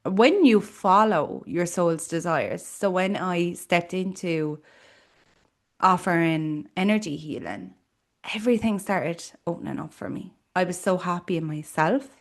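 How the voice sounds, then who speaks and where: She's an Irish-accented podcast host with a voice on the low side and an unhurried delivery. The talk is a personal monologue, earnest and thoughtful, with relaxed filler words.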